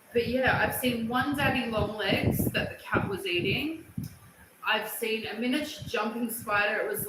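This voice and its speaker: A middle-aged woman from Australia, telling stories in a casual livestream chat, animated and prone to loud excited bursts. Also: mid-range voice. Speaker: livestream host. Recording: echoey room with loud noise.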